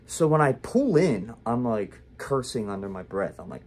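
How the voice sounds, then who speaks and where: A man's voice: mid-range voice, very animated, normal speed, a little mellow. A young man talking candidly to the camera in a casual vlog, rambling with lots of fillers and restarts. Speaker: vlogger.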